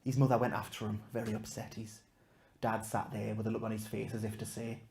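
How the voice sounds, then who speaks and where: A man doing stand-up comedy, telling a story to a live audience in a self-mocking way, swinging from loud punchlines to hushed asides. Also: fairly low pitch, monotone, brisk, gravelly, a little hiss or hum.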